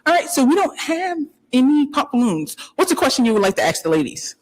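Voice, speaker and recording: A woman's voice: high voice, big pitch swings, brisk, a little mellow, low-quality recording. A woman hosting a dating show, asking contestants questions in an upbeat, encouraging way.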